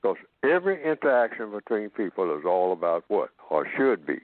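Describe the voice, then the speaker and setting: A man speaking as a guest on a call-in radio show, explaining slowly and acting out example conversations. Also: fairly low pitch, sing-song, no room sound. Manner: explains slowly and acts out sample dialogues. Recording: dry tinny phone line.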